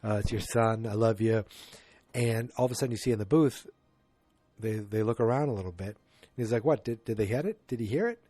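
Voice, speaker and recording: A man's voice: medium pitch, expressive, fast talker, warm tone, breathy edge, dry recording, faint music behind. A man hosting a podcast, casually retelling a movie plot in a rambling way and acting out quotes from the characters. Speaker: podcast host.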